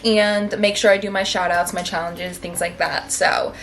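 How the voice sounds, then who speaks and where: A woman's voice: lowish voice, flat delivery, normal speed, noisy background. A young woman vlogging casually at home about her day, chatty and emotional, saying "like" a lot. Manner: chatty and emotional, heavy use of "like". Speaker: vlogger and podcaster. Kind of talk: casual day-in-my-life vlog talk.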